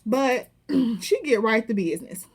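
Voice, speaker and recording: Animated woman recapping a reality show. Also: a little high, unhurried, slightly rough. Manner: animated, profane, acts out quotes with laughter. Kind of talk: casual recap commentary.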